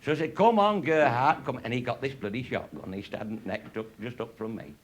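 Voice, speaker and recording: A man's voice: on the low side, expressive, a little fast, breathy edge. A man telling comic anecdotes in a rambling, salty way, swearing constantly and laughing at his own jokes. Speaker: raconteur.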